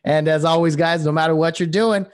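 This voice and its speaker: A man's voice: fairly high pitch, fairly even intonation, fairly quick. A man hosting a podcast in easygoing, casual chat, often laughing as he recounts anecdotes. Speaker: podcast host.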